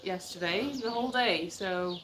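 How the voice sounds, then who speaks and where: A woman co-hosting a casual live Q&A stream outdoors at an animal sanctuary, with dry, quiet remarks. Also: on the low side, moderate pace, crowd noise. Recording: outdoor stream with clear background noise.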